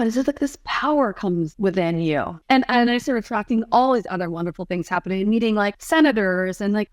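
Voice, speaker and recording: A woman's voice: mid-range voice, no echo. A middle-aged woman, a former model, speaking earnestly and repeating herself as a guest in an emotional interview. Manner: earnest, repetitive, heartfelt.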